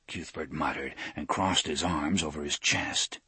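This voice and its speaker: A man narrating an audiobook in a measured, deliberate way. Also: extremely low pitch, pushed and bright, slightly rough, no room sound.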